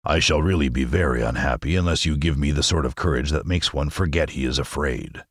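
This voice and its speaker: A big, anxious lion with a very deep voice and a slow, hesitant delivery, as a man puts him on. It sounds like a storybook reading, dry and close. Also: no echo. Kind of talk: audiobook character reading.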